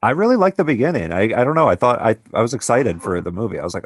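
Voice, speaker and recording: A man's voice: on the low side, expressive, quick pace. A man co-hosting a film podcast, making wry joking asides. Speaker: podcast co-host. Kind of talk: casual film discussion.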